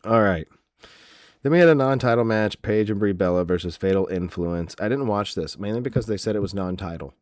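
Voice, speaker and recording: A man's voice: lowish voice, fairly quick, darkish tone, no room sound, clean studio sound. A man hosting a podcast, recapping in a casual, mocking, profane, rambling way. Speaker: podcast host. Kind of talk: casual comedic wrestling recap.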